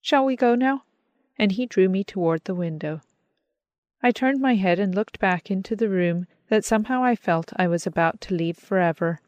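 A woman calmly reading a first-person audiobook narration in a measured, earnest manner. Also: on the low side, no room sound, muffled recording. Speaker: audiobook reader.

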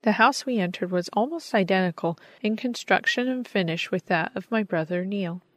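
A woman narrating an audiobook in a measured, gentle manner. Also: medium pitch, no echo. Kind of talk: audiobook reading.

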